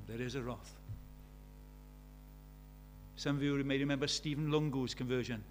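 A man's voice: medium pitch, fairly even intonation, normal speed, long pauses, faint music behind. A British man preaching a sermon, telling stories with emphasis and repeating key phrases.

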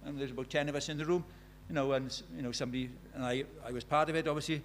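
A middle-aged Welsh man preaching a sermon, moving between loud declarations and quiet, hushed asides. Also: mid-range voice, fairly even intonation, rapid-fire, a little hiss or hum. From Wales.

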